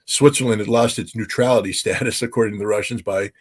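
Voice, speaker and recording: Deep-voiced American man, halting and emphatic. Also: fairly even intonation, breathy edge. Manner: emphatic, many fillers and restarts. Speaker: former weapons inspector guest. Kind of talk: interview commentary.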